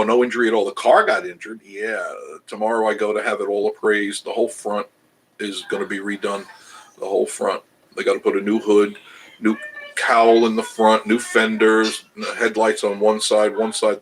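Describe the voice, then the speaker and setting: A man's voice: lowish voice, level tone, normal speed, slight background noise, rough recording. An older man hosting a casual livestream, chatting with viewers in a rambling, self-amused way. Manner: rambling, chatty, restarts, laughs at himself. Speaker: travel channel host reading live chat.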